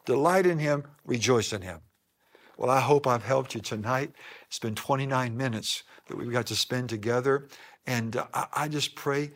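A male pastor delivers a sermon before his congregation in church. His voice sits a little higher than most men's. He preaches with insistent, rhythmic emphasis and keeps returning to the same phrases.

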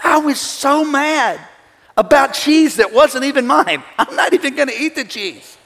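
A man preaching a sermon to a live congregation, telling a story in an animated, joking way. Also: very high voice, measured pace, vocal fry. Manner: storytelling, animated, jokey with the crowd. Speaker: pastor. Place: church auditorium. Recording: large hall with long reverb.

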